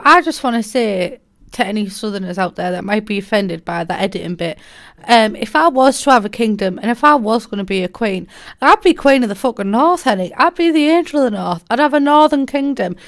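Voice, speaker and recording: A woman's voice: mid-range voice, lively intonation, a little fast. A young woman with a Teesside accent, chatting cheekily through a life-sim game for her viewers and swearing freely. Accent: Teesside English. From Middlesbrough, England. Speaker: gaming YouTuber. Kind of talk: casual let's-play commentary.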